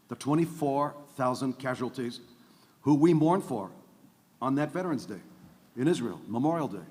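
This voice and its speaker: A man's voice: mid-range voice, darkish tone. A man speaking on a conference panel, making emphatic points and tagging them with "okay?" and "by the way". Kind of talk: panel discussion talk. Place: large conference hall. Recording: long hall reverb.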